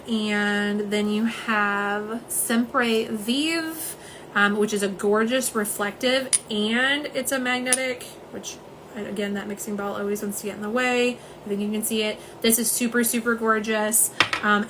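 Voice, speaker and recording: A woman, chatting casually and warmly through a nail polish livestream at home, with lots of "um"s. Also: on the high side, background noise. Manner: chatty, many "um"s, says "y'all".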